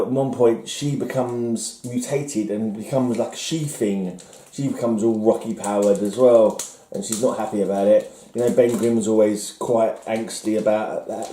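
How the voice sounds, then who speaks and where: A man's voice: on the low side, fairly even intonation, moderate pace, warm tone, echoey room. A man casually rambling through his comic haul, musing aloud and mocking himself as he goes. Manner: musing, self-mocking, trailing off. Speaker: comic collector showing a haul.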